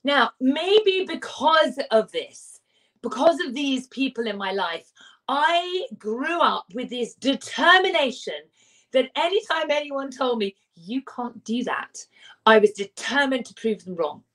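A woman speaks in a fairly high voice, telling her own story with earnest, emphatic repetition. Her voice sits a little back from the microphone. It sounds like a motivational speaker addressing listeners. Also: big pitch swings, a little slow, fairly bright tone, recorded from a distance, rough recording. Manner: earnest, emphatic, with repeated phrases. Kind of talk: personal storytelling talk.

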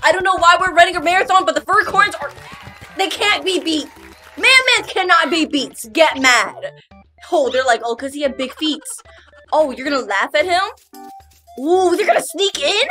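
Lively high-voiced woman reacting. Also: normal speed, faint music behind. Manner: animated, exclamatory, laughs often. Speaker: reaction video host. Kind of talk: casual reaction commentary.

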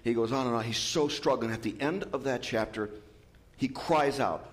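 A man preaching a sermon as pastor, lively and joking with asides. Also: mid-range voice, moderate pace. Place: church.

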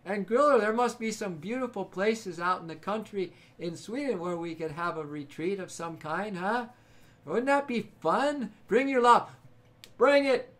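A man hosting a late-night livestream, chatting loosely and warmly with viewers and calling them brother and man. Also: sits high, a little slow. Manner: upbeat, rambling, calls people brother and man. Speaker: livestream host. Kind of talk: casual chat with live viewers.

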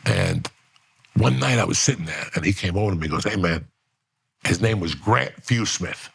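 A man's voice: sits low, expressive, fairly quick, vocal fry, a bit bright, breathy edge. A middle-aged man telling a profane prison story on a podcast, acting out quotes as he goes. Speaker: podcast guest.

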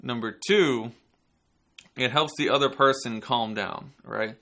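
A man hosting a podcast and giving casual self-defense instruction, relaxed and chatty, sometimes acting out angry people. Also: mid-range voice, a little slow. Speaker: podcast host and martial arts instructor.

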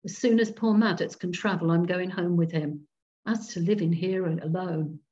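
A woman's voice: on the low side, moderate pace, dark tone, lightly acted. A woman voicing an earnest, shaken Englishman who speaks urgently, heard over a dull video call. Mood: sober. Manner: urgent, appalled.

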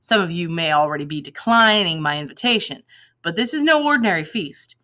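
Woman voicing a male announcer, grand, ominous, bright forceful tone. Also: fairly low pitch, lively intonation, fairly quick. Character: smooth male announcer inviting to a feast.

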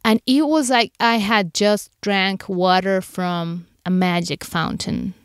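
Smooth-voiced woman telling a personal story. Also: medium pitch, fairly even intonation, slow, dry recording, clean studio sound. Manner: candid, emotional retelling with acted inner quotes. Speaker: podcast host.

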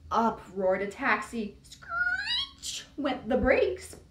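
Reading to little kids at storytime, this librarian uses a slow, sing-song delivery and a fairly high voice, acting out characters from a picture book. The room echoes, the mic is far off, and there's background noise.

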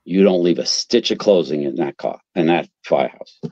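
A man putting on his yelling, cursing older dad. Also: low-pitched, moderate pace, dry recording, highs cut off. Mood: stern. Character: furious older father, ex-firefighter, blunt.

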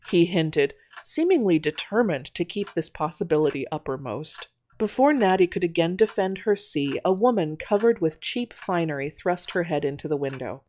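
A woman narrating an audio drama in an expressive storytelling manner. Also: low-pitched, moderate pace.

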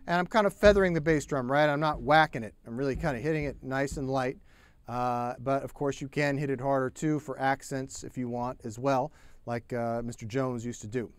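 A man giving a relaxed, chatty drum lesson, counting beats aloud as he plays. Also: medium pitch, brisk, loud music behind the voice. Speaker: drum teacher. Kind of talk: casual spoken drum lesson.

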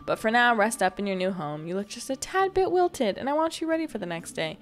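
A woman reading the lines of a gentle village elder in a cozy game, in her own voice. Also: fairly high pitch, big pitch swings, brisk. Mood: kindly.

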